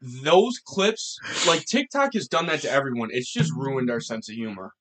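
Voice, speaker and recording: A young man hosting a podcast, chatting casually and excitedly with a lot of swearing. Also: mid-range voice, moderate pace, heavy background noise. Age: young adult. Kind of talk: casual chat.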